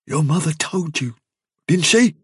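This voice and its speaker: A man's voice: medium pitch, expressive, measured pace, vocal fry, bright, forceful tone, breathy edge, no room sound, studio quality, recorded from a distance, voice pushed up, exaggerated voice. A man voicing a large, tough male rabbit who speaks in a tense, strained way. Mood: fearful dread. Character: big bold buck rabbit gripped by dread.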